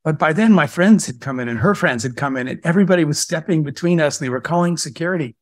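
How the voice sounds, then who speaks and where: A man speaking as a guest entrepreneur in a live question-and-answer talk, telling stories in a lively, conversational way. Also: fairly high pitch, quick pace, no echo, clean studio sound. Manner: animated storyteller who acts out dialogue.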